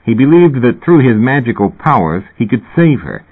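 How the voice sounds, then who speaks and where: A man reading a novel aloud in measured, dry scripted narration. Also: mid-range voice, very animated, husky. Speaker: audiobook narrator. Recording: tinny phone-like recording.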